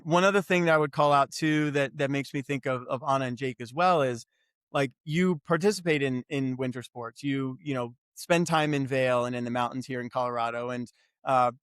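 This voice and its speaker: A man's voice: mid-range voice, a bit bright, no room sound, clean studio sound. A man hosting an interview, affirming his guests and thinking aloud with restarts. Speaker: podcast host. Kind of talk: conversational interview.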